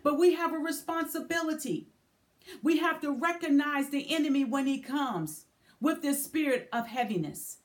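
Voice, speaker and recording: A woman preaching a sermon in a measured, repetitive way, breaking into spoken prayer. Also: sits high.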